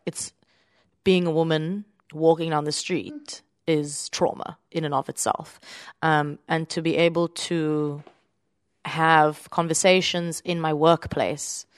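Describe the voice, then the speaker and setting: Woman, stage actress, deep low voice, dry close sound, earnest and searching. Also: dry recording. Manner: earnest, thoughtful, many fillers. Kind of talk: interview answer.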